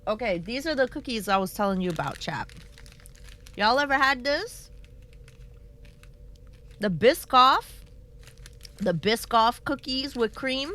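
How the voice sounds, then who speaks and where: Animated, lively woman chatting with viewers. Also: on the high side. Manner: playful, animated, reads chat aloud, laughs often. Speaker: streamer. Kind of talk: casual live-stream chat with viewers. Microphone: desk microphone.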